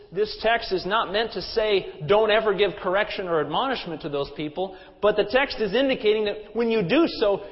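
A man delivers a sermon in a friendly, storytelling way, dropping in humorous asides. His voice sits a little high for a man. The sound rings with long reverb and comes across dull and muffled. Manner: conversational and anecdotal, with humorous asides. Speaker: pastor.

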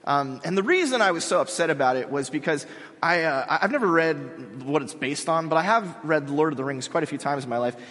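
A male pastor with a fairly high voice preaches in a relaxed, joking, conversational manner. His voice carries a long reverb, as in a large hall. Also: brisk. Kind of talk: sermon.

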